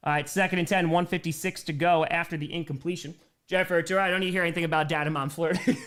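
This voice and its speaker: A man's voice: fairly high pitch, a little fast. A young American man hosting a livestream, calling plays and chatting with viewers. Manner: switches between excited play calls and chatty replies to viewers. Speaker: livestream host doing play-by-play. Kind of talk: casual livestream play-by-play and chat.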